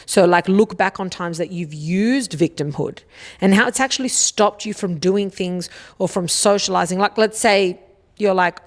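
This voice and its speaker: A woman's voice: fairly low pitch, fairly even intonation, moderate pace. A woman hosting a solo self-help podcast, casual and blunt, swearing freely and often checking in with "okay?". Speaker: podcast host.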